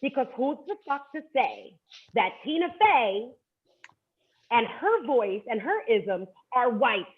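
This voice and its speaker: A woman's voice: on the high side, big pitch swings, takes it slowly. A woman on a casual panel chat, speaking in an emphatic, outspoken way. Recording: tinny phone-like line.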